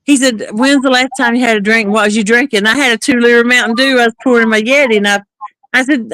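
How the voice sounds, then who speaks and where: Speaking quickly in a slightly high voice, a woman spins a long, casual story on a live talk stream, lively as she acts out the quoted exchanges. The recording is dry.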